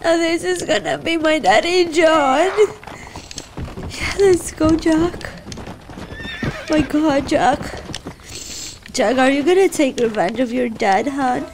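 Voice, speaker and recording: A woman's voice: sits high, slow pace, pauses often. A woman gaming streamer crying and reacting emotionally, talking outspokenly to the characters on screen. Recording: noisy game audio behind.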